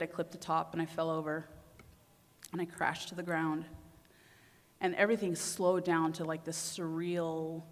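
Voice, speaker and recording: A young adult woman giving a conference talk, telling a personal story and acting out her own inner voice with feeling. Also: low-pitched. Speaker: conference speaker. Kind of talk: personal story told to an audience. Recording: long hall reverb.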